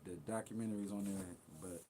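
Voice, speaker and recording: Blunt, profane man with a low voice. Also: fairly even intonation, fairly quick, dark tone, a little hiss or hum. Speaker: livestream host. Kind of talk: casual livestream rant.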